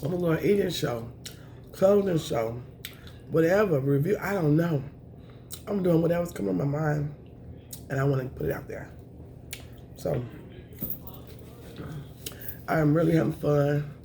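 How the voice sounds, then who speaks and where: A woman, chatting to camera on her eating show, emotional and thankful, with a voice that is raspy at times. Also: low voice, unhurried, long pauses, dark tone, a little hiss or hum. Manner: emotional, thankful, says y'all often. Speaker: mukbang vlogger.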